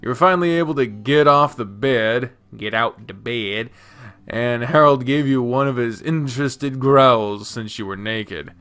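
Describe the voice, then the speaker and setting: A man's voice: mid-range voice, unhurried, smooth, soft background music. A man reading a visual novel aloud and breaking off into casual commentary that often turns to swearing. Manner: casual, swears freely, reads the narration softly, then breaks out into loud commentary. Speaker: game streamer.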